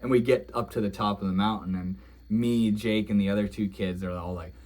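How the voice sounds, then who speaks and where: A man's voice: fairly low pitch, steady tone, fairly quick, darkish tone. A young man telling a story in a casual, rambling way, dreamy and emotional, with many "like"s and "you know"s. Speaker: vlogger.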